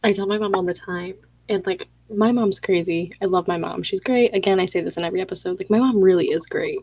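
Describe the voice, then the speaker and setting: A woman's voice: on the low side, fast, darkish tone. A woman hosting a casual chat about parenting, blunt and emphatic in her asides. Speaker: podcast host. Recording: dry, muffled lo-fi audio.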